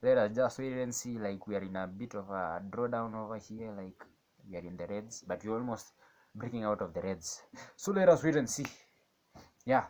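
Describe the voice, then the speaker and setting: A man in casual live commentary on his own trade, rambling and questioning himself, moving between calm chart talk and excited outbursts. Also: fairly low pitch, normal speed. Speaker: day trader narrating his screen.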